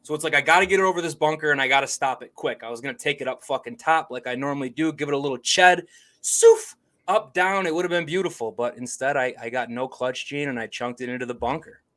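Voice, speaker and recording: A man's voice: mid-range voice, fast, few pauses, bright, forceful tone. A young man co-hosting a laid-back golf podcast. He tells his stories with lots of energy, swears freely and acts out the quotes as he goes. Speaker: podcast co-host. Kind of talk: casual golf podcast chat.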